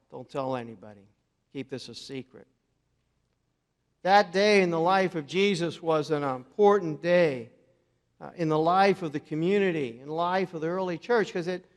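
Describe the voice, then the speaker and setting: A man preaching a sermon, telling a story with dramatic pauses and dropping his voice softly for quoted words. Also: fairly high pitch. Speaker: pastor. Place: church sanctuary. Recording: long church reverb.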